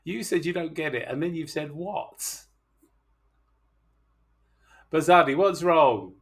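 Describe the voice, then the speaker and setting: Gravelly chatty male chemistry teacher. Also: fairly high pitch, normal speed. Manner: chatty, teasing, coaxing students. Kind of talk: online class walkthrough.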